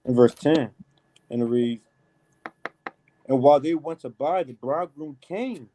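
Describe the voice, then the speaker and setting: A man leading a casual, animated Bible study, reading verses and adding emphatic asides like "man" and "right?". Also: a little high, measured pace, slight background noise, poor audio. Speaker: Bible teacher. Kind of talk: street-style Bible study preaching.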